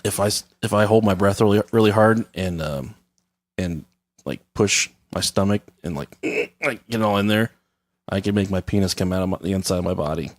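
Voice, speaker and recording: Low-voiced joking podcast host man. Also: a little fast. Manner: joking, irreverent, reads articles aloud with asides. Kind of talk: casual crude comedy chat.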